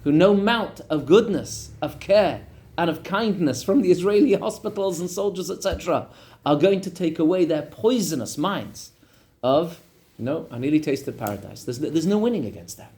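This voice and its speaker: A man teaching a class as a rabbi, telling a story in an animated way and talking directly to his audience. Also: high-pitched, normal speed. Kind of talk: storytelling lesson.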